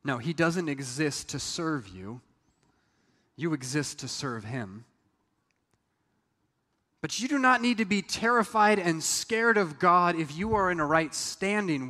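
A man's voice: a little high, bright, forceful tone. A man preaching a sermon as a pastor, talking to the congregation conversationally and acting out quoted lines. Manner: conversational preaching with acted asides. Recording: reverberant hall.

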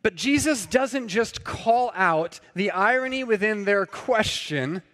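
Guy preaching, chatty sermon style, high voice, big echoey church sound. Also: expressive, slow, a bit bright. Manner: conversational, acts out quoted voices. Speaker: pastor. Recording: long hall reverb.

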